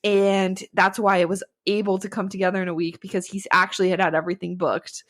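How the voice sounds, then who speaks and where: A woman's voice: medium pitch, little pitch movement. Chatty sarcastic young woman podcaster. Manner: chatty, sarcastic, laughs often, quick asides. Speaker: podcast co-host. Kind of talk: casual chat recapping a book.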